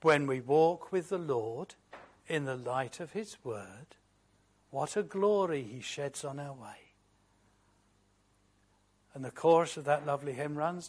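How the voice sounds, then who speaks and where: A man preaching a sermon, slow and emphatic, moving from loud declarations to hushed, reflective asides. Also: a little high. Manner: quotes hymn lines in a reflective voice.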